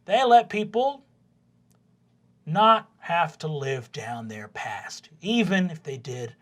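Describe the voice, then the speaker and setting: Brief: man doing a gruff, folksy coach who lectures his players plainly. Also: mid-range voice, very animated, slow pace. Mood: lecturing. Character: adult male sports coach, blunt and gruff.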